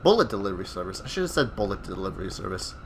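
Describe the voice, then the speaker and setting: A man's voice: deep voice, sing-song, racing, slight background noise. A man casually commenting while playing a video game, joking and yelping when startled. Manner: joking, exclaiming, easily startled. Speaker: let's player. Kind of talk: gameplay commentary.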